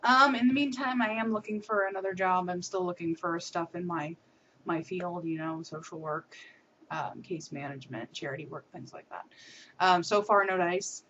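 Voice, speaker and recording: Speaking at a normal pace, this young American vlogger has a lowish but fairly bright voice. She chats upbeat through her video diary update, full of ums and small laughs, over muffled lo-fi camera sound carrying a faint hiss or hum.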